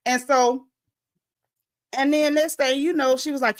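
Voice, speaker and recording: A fairly high-voiced woman chats through a reality show recap like she's catching up with friends. She leaps into big dramatic highs when she acts out the cast, then drops low and wry to comment, and stops now and then to greet viewers in the chat. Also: normal speed. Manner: animated storytelling, acts out quotes with big pitch swings; reads chat comments aloud. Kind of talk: casual livestream recap chat.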